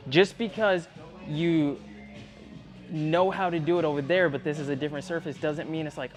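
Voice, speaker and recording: Guy coaching tumbling one on one, kinda high voice, direct and earnest, gym with soft music going. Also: fairly even intonation, normal speed. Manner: direct, earnest, repeatedly asking the athlete if she believes him.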